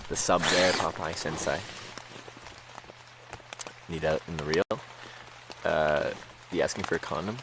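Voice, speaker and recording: Streamer, male, very low voice, loose rambling storyteller, steady rain in the background. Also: background noise. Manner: rambling, laughs often, many fillers. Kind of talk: casual storytelling to stream chat.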